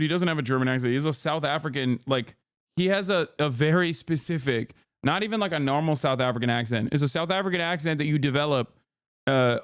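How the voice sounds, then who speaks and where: A man reacting to clips on his stream in casual commentary, blunt and profane, talking excitedly to his chat. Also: medium pitch, clean tone, no echo, clean studio sound.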